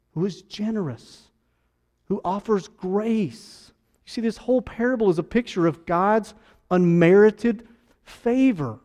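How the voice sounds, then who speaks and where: High-voiced male preacher, dramatic swings. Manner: swings between loud emphatic rises and soft hushed drops. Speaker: pastor. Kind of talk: sermon.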